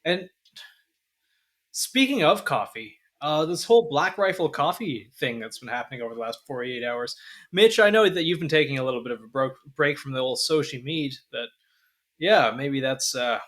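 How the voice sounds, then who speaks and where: A man's voice: medium pitch, lively intonation, moderate pace. A man with a Canadian accent, co-hosting a podcast in casual, sweary chat. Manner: casual, sweary, trails off quietly. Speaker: podcast co-host.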